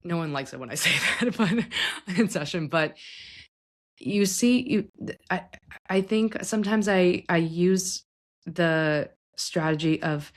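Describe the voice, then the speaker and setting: A woman therapist hosting a podcast, talking gently and reflectively about family and healing, sometimes acting out what clients and their parents might say. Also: fairly low pitch, unhurried. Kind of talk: conversational psychology talk.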